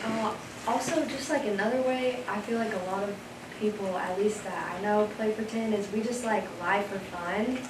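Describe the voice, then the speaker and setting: A woman in the audience telling an animated, filler-heavy story. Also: medium pitch, moderate pace. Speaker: audience member. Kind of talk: casual anecdote. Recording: echoey hall, far from mic, noisy.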